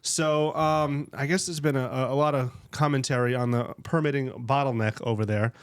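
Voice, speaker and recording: A man's voice: medium pitch, fairly even intonation, normal speed, clean tone. A man in his forties hosting a casual podcast, upbeat and joking. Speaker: podcast host.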